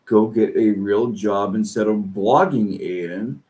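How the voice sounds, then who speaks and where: A man streaming reaction commentary, ranting angrily and swearing. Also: rough recording. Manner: slow-paced, with lively pitch swings. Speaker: streamer reacting to online posts.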